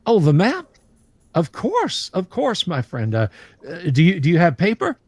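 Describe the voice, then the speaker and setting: A man voicing a friendly lone male trader who wanders alone, folksy and quick to repeat himself. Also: high voice, wildly swooping pitch, a little mellow, breathy edge, dry recording, voice pushed up, exaggerated voice. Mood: eager.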